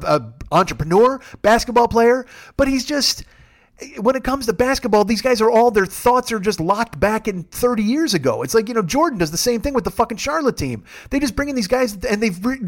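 A man with a high-pitched voice rants about sports on his podcast. He swears constantly and tells his stories with excitable comic energy. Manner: profane, excitable storytelling. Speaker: podcast host. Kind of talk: comedic sports rant.

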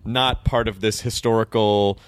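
A man's voice: lowish voice, fairly even intonation, a little slow, clean tone, no room sound. A man hosting a casual interview, hesitant and joking. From United States. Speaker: host.

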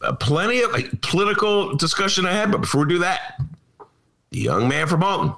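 A man hosts a casual political podcast. His pitch leaps all over the place and his tone is bright and forceful. He is chatty and self-deprecating, and he laughs often. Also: big pitch swings, fairly quick, gravelly. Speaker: podcast host.

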